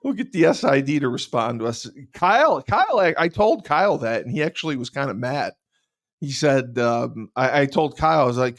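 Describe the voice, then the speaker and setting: A man's voice: medium pitch, fairly quick. A man co-hosting a casual podcast, joking around and laughing often as he tells stories. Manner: jokey, laughs often, animated. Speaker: podcast co-host.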